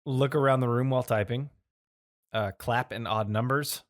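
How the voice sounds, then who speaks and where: Man, podcast co-host, steady list reading, dry dead sound. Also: medium pitch, moderate pace, no room sound. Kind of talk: casual chat.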